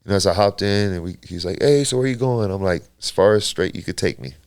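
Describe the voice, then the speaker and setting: A man's voice: low voice, fast, smooth, dry recording. A man from Kentucky and South Texas hosting a podcast, swearing freely and laughing through a story. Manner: laughing, profane storyteller who acts out voices. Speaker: podcast host. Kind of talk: casual storytelling chat.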